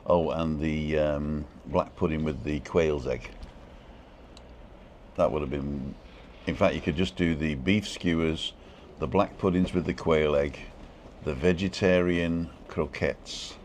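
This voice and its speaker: A man's voice: very deep voice, fairly even intonation, slow pace, slight background noise. A man hosting a casual live stream, rambling about food and reading viewer comments aloud. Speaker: vlog host. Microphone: own microphone.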